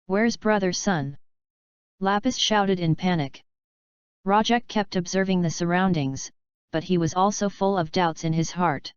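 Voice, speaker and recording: Clear low-pitched woman reading a story. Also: normal speed, no echo, highs cut off. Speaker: narrator. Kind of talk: audiobook reading.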